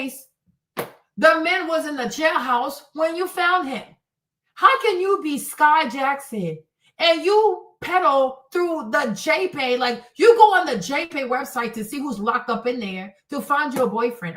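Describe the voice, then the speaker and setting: A woman hosting a stream, ranting in an animated, exasperated way, swearing freely and sometimes breaking into shouts. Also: high-pitched, far from the mic. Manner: bursts into shouts. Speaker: host. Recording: echoey room, off the mic.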